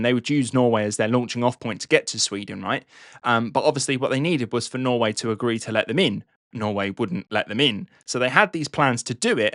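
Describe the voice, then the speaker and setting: A man's voice: mid-range voice, fairly bright tone, no echo. Man, podcast host, casual history storytelling, dry close sound, frequent "right?". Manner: chatty, swearing, tags lines with "right?".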